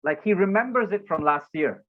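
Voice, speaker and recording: A fairly high-voiced man talks in a relaxed interview as a public speaking coach. He is animated, breaking into loud acted-out lines now and then. The sound is dull and muffled, as over an online call. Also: moderate pace. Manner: animated, acts out moments with sudden loud exclamations. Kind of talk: casual interview talk.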